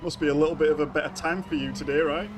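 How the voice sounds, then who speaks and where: A young man streaming a racing game chats casually with his live viewers, greeting them by name and laughing often. His fairly high voice is rapid-fire with fairly even intonation, over the game's engine noise.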